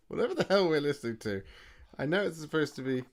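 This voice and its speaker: A man's voice: a little high, animated, a little fast. A man hosting a hobby live stream, chatting casually and playfully with viewers, laughing often and trailing off while he works. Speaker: livestream host painting miniatures.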